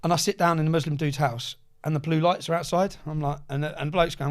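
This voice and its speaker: A man's voice: on the high side, steady tone, quick pace, hardly any pauses. A man, a podcast guest telling stories casually, swearing freely and acting out what others said. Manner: swears freely, acts out quoted dialogue. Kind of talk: casual storytelling.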